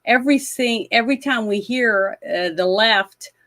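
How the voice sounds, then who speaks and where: A woman's voice: on the high side, a little slow, bright, forceful tone. A woman co-hosting a casual political chat, explaining her views with plain everyday examples.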